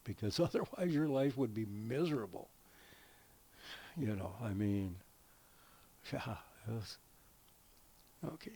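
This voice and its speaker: A man's voice: medium pitch, dark tone. A man giving rambling, casual commentary while building in a game, with chuckles and many fillers. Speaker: gaming video creator.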